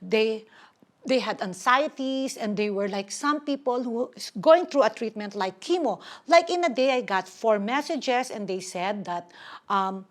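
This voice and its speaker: An older woman, telling stories in an animated, chatty way as an interview guest. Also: on the high side, unhurried. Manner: chatty, animated storytelling with mixed English and Tagalog. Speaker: guest, vlogger. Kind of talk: casual interview chat.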